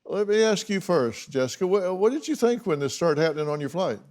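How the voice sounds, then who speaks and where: A male host interviewing his guests with pointed, dry questions. His voice sits notably high for a man, and he keeps the conversation moving. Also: big pitch swings, fairly quick, darkish tone. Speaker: talk show host. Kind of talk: hosting an interview.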